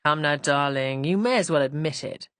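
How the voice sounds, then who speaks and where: Languid, teasing upper-class husband, lowered and unhurried, voiced by a woman narrator for an audiobook. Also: no room sound, close to an everyday voice. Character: dry, teasing aristocratic husband.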